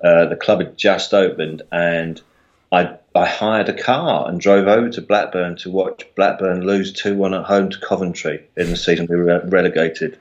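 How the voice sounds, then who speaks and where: Laughing Mockney-accented man, low voice. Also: fairly even intonation, moderate pace, muffled recording. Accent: southern English, Mockney. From England. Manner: self-deprecating, laughs often, repeats words. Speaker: guest comedian. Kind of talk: casual interview chat.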